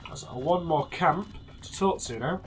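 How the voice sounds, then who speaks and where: A man's voice: fairly high pitch, lively intonation, measured pace, slight background noise. A young man giving casual, chatty gameplay commentary, teasing and rambling with frequent restarts. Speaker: let's play gamer.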